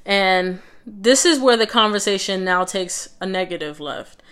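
A woman's voice: medium pitch, lively intonation, a little slow, fairly bright tone, smooth. A young woman vlogger telling a personal story in a casual, conversational way, with lots of fillers and restarts.

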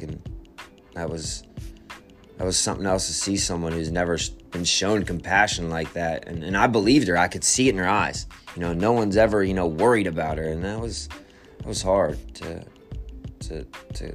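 A man with a deep, low voice shares a personal testimony. He speaks quietly and haltingly, stumbling over repeated words and restarting sentences as he searches for what to say. Faint music plays softly behind him. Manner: quiet, reflective storytelling.

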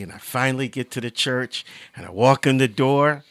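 A man's voice: mid-range voice, normal speed, fairly bright tone, no echo. A man co-hosting a faith podcast, telling stories casually and laughing often. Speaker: podcast co-host.

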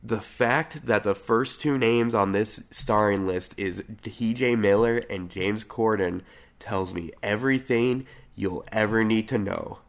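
A man's voice: lowish voice, measured pace. A man talking as a podcast guest in casual chat, sardonic and swearing freely.

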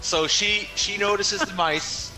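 A man's voice: sits high, fairly even intonation, slow pace, pushed and bright, soft background music, rough recording. A man playing a tabletop game, rambling through his character's actions with many fillers. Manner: rambling, filler-heavy narration. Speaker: player.

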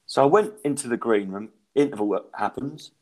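Lively man telling comedy stories. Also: mid-range voice, a little fast. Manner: animated storyteller acting out voices, swearing freely. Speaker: podcast co-host, stand-up comedian. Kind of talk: casual chat, storytelling.

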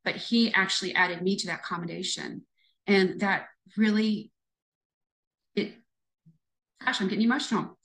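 A woman's voice: mid-range voice, moderate pace, long pauses, a bit bright, poor audio. A woman in her fifties, a retired police lieutenant, telling a story earnestly and reflectively in an interview.

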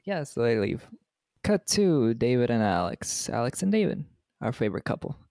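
A man with a gravelly, creaky edge to his voice walks through a movie's plot in a relaxed podcast chat. He laughs a lot as he retells the scenes. The sound is close and dry, with no room around it. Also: mid-range voice, normal speed, no room sound. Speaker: podcast co-host. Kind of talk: casual movie recap chat.

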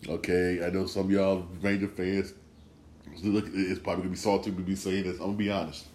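A man's voice: low-pitched, level tone, brisk, a little mellow, roomy sound, a little hiss or hum. A man hosting a casual sports podcast, rambling and repeating himself as he gets worked up. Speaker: podcast host.

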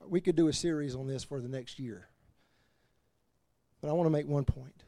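A man preaching as pastor, animated, laughing between points and dropping to quiet emphasis. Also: on the high side, moderate pace, dry recording, clean studio sound. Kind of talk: sermon.

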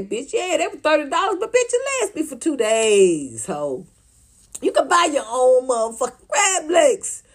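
A woman, ranting casually to her livestream viewers, profane and animated, often laughing. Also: high voice, normal speed. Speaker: vlogger reacting to viewer comments.

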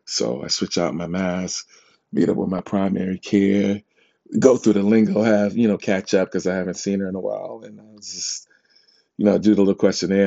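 A man hosting his own podcast, telling casual stories in an animated, self-described dramatic way and laughing often. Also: sits low, moderate pace, creaky. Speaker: podcast host. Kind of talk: casual storytelling monologue. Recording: dull lo-fi recording.

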